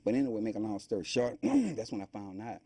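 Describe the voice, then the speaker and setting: Husky low-voiced man telling his story. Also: fast. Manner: animated storytelling, acting out quoted voices; loose, rambling colloquial speech. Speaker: guest.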